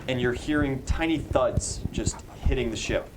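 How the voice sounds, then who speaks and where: A man running a tabletop game as game master, narrating scenes in a measured, descriptive way and talking rules casually with his players. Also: medium pitch. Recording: distant mic with clear background noise.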